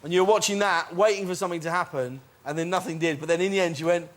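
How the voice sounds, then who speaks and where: A man's voice: high-pitched, fast. A man on a comedy panel show, teasing and ranting in an exasperated, mocking way. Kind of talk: bantering panel chat. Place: TV studio with audience. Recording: studio audience and noise.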